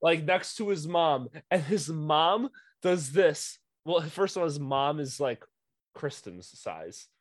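A young man tells a story from coaching youth hockey, swearing freely and getting animated as he goes. His voice sits a bit high for a man. The sound is dry and close to the mic. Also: takes it slowly, dry recording. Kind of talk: casual podcast storytelling.

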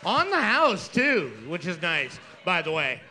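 A man's voice: sits high, wildly swooping pitch, unhurried, sharp tone, a little hiss or hum. A man co-hosting a trivia quiz with sarcastic banter and comic tangents. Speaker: trivia co-host. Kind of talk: casual banter.

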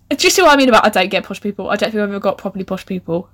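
A woman in her twenties with an animated, laughing manner, reading out her old writing and mocking it with sarcastic asides. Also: medium pitch, racing. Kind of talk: comic reading with commentary.

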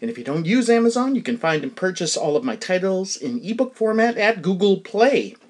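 A man hosting his own podcast, telling a funny everyday story with wry, deadpan humor and playful bursts. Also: high-pitched, brisk. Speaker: podcast host. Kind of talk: comic storytelling monologue.

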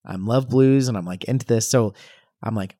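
A man's voice: medium pitch, normal speed, dark tone, no room sound. Rambling, self-deprecating male podcaster, dry sound. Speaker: podcast co-host. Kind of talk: casual comedic chat.

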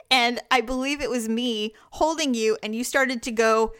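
Woman chatting w her sister, laughs a lot, does little voices, slightly high voice. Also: measured pace, clean tone. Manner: laughing, animated, mimics voices in stories. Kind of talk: casual chat between sisters.

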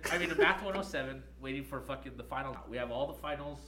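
A young man on a podcast telling a story in a casual, profane, animated way, laughing often. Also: mid-range voice, fast, slight background noise. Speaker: podcast co-host.

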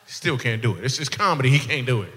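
A fast-talking male stand-up with a mid-range, sharp, animated voice banters with the audience, teasing them playfully and laughing at his own jokes. The handheld stage mic picks up long hall reverb and faint room noise.

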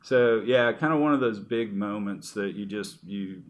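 A man's voice: lowish voice, a little slow. A middle-aged man in casual conversation, telling personal stories in a rambling way with frequent restarts. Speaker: guest.

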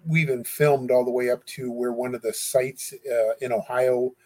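A man's voice: mid-range voice, little pitch movement, moderate pace, darkish tone. A man speaking as an interview guest, talking earnestly and hesitantly with many fillers and restarts. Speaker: guest who corresponds with death row inmates. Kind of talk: casual interview talk.

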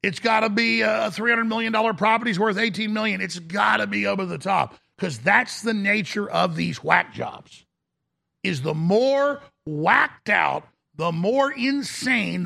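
A middle-aged man, hosting a talk show in a mocking, animated rant that breaks into shouts and mimicked voices. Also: sits high, unhurried, creaky. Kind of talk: ranting monologue.

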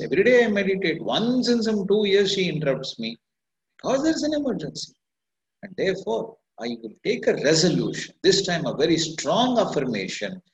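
A middle-aged man guides listeners through meditation in an earnest, self-questioning way. His voice sits a little high and swings widely in pitch. The sound is roomy and a bit dull, like a lo-fi recording. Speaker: meditation teacher. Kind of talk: reflective spoken teaching. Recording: echoey, dull lo-fi room sound.

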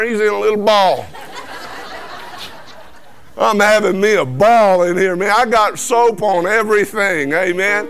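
A man's voice: high-pitched, measured pace, long pauses, a little hiss or hum. A man giving a folksy personal testimony, acting out the voices of people in his story. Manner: animated storyteller who acts out quoted dialogue. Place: truck cab.

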